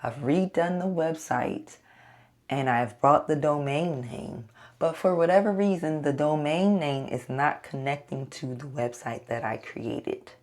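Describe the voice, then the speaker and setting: Very low-voiced blunt woman vlogger. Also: unhurried, a little mellow. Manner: blunt, self-coaching, swears freely. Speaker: photographer and podcaster. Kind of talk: casual solo vlog talk.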